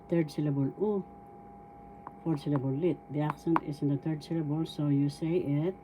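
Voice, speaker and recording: A woman with a Filipino accent teaching a language lesson, sounding out words slowly syllable by syllable. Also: sits low, steady tone, noisy background. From Philippines. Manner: slow, careful syllable-by-syllable pronunciation. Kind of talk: slow spoken language lesson.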